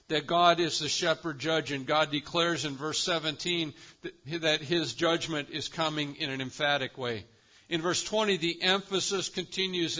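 A man preaching a sermon, building to loud emphatic swells and dropping to quiet, deliberate lines. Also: a little high, dull audio.

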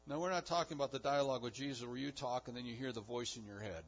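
A man's voice: medium pitch, fast talker. A man preaching a sermon, building emphasis with repeated phrases. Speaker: pastor. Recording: dull lo-fi recording.

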